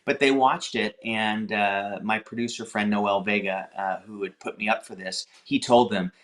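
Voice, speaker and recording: A man's voice: fairly low pitch, steady tone, moderate pace, hardly any pauses, fairly bright tone. A man, a film director guest, talking earnestly and encouragingly about his career in an interview. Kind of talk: casual interview chat.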